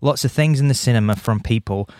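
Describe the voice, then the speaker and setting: Fast-talking and playful, this podcast host has a medium-pitched voice with a darkish tone and brings enthusiasm to casual chat, repeating lines and running through repetitive lists for effect. The studio recording is clean and dry.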